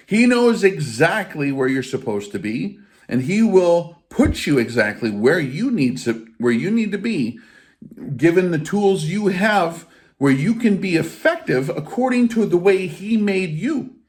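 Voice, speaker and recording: A man's voice: sits high, very animated, unhurried, a little mellow. A man giving an informal spiritual teaching in a blunt, emphatic way, with casual swearing. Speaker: faith teacher.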